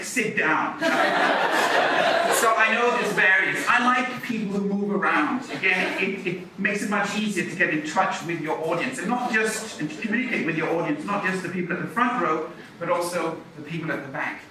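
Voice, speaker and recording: A middle-aged man, a university lecturer, talking lively and chatty about public speaking, moving around as he talks. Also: sits high, moderate pace, crowd noise. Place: lecture hall. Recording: echoey hall, mic from far off.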